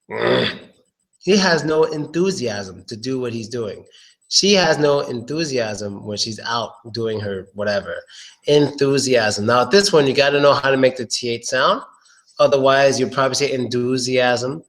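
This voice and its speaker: Casual man drilling pronunciation. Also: medium pitch. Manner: relaxed, repeats words slowly, swears casually. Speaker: English pronunciation tutor. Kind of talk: casual live-streamed pronunciation lesson.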